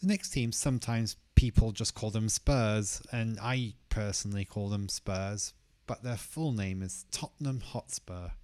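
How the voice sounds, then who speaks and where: A man teaching English pronunciation, slowly repeating each word clearly for learners in a careful lesson style. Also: on the low side, a little mellow, dry recording.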